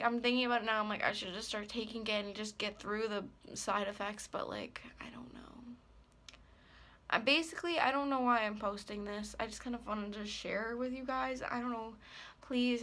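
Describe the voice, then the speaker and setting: A woman's voice: on the high side, fairly bright tone. A woman in her twenties talking hesitantly and anxiously in a personal vlog, full of fillers and trailing off. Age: 20s. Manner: hesitant, rambling, many fillers. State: worried and upset. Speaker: ASMR creator.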